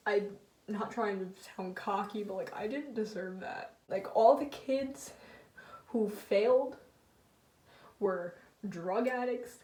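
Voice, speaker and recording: A woman's voice: medium pitch, mellow. A teenage girl vlogging, candidly retelling a painful personal story with emotion. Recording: roomy sound, mic at a distance.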